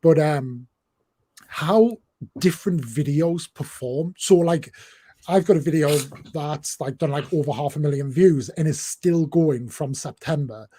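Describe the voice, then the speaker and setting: A man hosting a livestream, chatting casually in a relaxed, rambling way. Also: on the high side, measured pace, breathy edge, no room sound. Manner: relaxed, rambling, with fillers and laughs. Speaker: livestream host. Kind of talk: casual chat.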